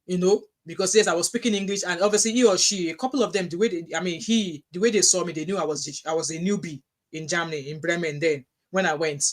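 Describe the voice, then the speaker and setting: A woman's voice: on the low side, fast. Chatty Nigerian woman livestreaming. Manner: animated storytelling with frequent restarts, reads out chat messages. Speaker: livestream host reading viewer comments. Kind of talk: casual livestream chat.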